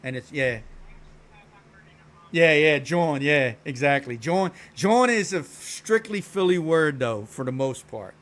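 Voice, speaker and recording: A man's voice: fairly high pitch, lively intonation, a little slow, a bit bright. A man from Philadelphia with a Philadelphia accent, chatting casually on a stream in a slangy, laid-back way and swearing freely. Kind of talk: casual chat. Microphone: streaming microphone.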